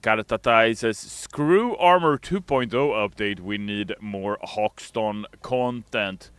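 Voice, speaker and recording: Deep-voiced, forceful male streamer. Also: takes it slowly, clean tone, no echo. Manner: reads viewer messages aloud, loud and playful, chatty asides. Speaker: game community streamer. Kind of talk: casual livestream chat.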